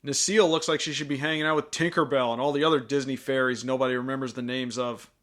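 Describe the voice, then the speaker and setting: A man's voice: medium pitch, fairly even intonation, fast talker, a bit bright. A man hosting a scripted film review with sarcastic, jokey asides.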